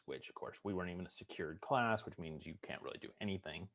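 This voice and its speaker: A man's voice: deep voice, fast, few pauses. A middle-aged man, a veteran, telling humorous stories in an interview and acting out the people in them. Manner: humorous storyteller, acts out drill instructor voices. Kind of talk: storytelling interview.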